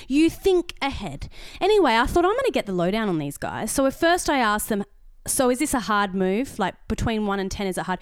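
An Australian woman co-hosting a podcast, telling a story in casual chat, animated and swearing, acting out the voices of others. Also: fairly high pitch, brisk, clear, resonant tone, dry recording. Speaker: podcast co-host.

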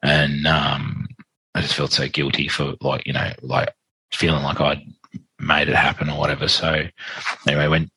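A man's voice: very deep voice, completely flat delivery, normal speed, bright, forceful tone, husky, no echo. A father who is a podcast guest, telling a personal story in a chatty way, re-enacting dialogue with lots of "like" fillers.

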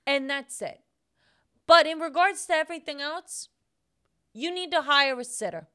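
A woman's voice: sits high, animated, normal speed, sharp tone. A young woman co-hosting a podcast, ranting bluntly and emphatically, with frequent swearing. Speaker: podcast co-host. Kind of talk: casual chat.

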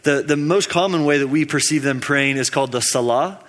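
A young man preaching in a loose, conversational way, his voice sitting a little high for a man. He rambles through a story with fillers and laughs at his own jokes, and a long reverb trails each phrase around the church hall. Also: a little fast, a bit bright. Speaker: preacher giving a midweek teaching. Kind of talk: casual storytelling sermon.

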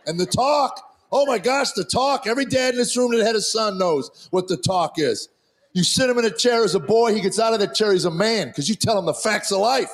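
A man's voice: sits high, a little fast. A man doing a stand-up comedy routine, telling family stories and acting out their voices. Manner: storytelling, acts out family voices. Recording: clip played with audible background noise.

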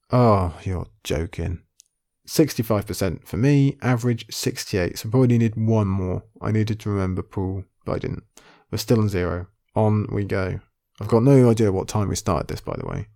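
A man's voice: lowish voice, vocal fry, warm tone. A man thinking aloud as he plays an online quiz, muttering his guesses half to himself before he settles on an answer. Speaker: video creator playing an online quiz. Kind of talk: casual thinking-aloud commentary.

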